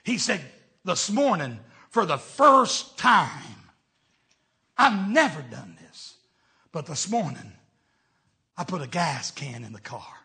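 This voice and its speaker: A middle-aged man, preaching a storytelling sermon as a traveling evangelist, swinging between shouts and hushed tones. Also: high-pitched, sing-song, takes it slowly, vocal fry, long pauses.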